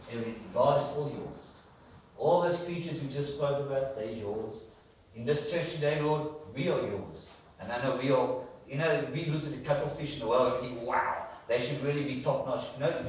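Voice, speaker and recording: A man's voice: medium pitch, fairly quick, slight background noise. A man preaching an enthusiastic sermon in a church, repeating words for emphasis. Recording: echoey church hall from far off.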